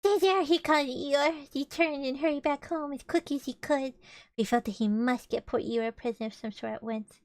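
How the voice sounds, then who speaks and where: A woman's voice: a little high, level tone, fairly quick, a little mellow, dry recording. A woman streamer reading a children's book aloud with chatty, playful asides to her viewers. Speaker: vtuber streamer.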